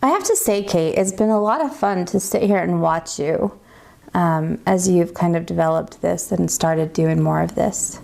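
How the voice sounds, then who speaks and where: A woman's voice: lowish voice, moderate pace, vocal fry, dark tone. A middle-aged woman from the United States, a metalsmithing teacher chatting casually with viewers while teaching, laughing often and sounding tired. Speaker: livestream host, metalsmithing teacher.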